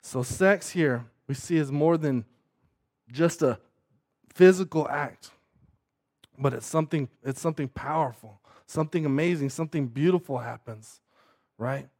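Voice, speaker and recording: A man's voice: on the high side, measured pace, long pauses, a little mellow. Man preaching, asking "right?" often. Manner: checks in with the listeners by asking "right?" again and again; repeats words often as he restarts his sentences. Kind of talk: sermon.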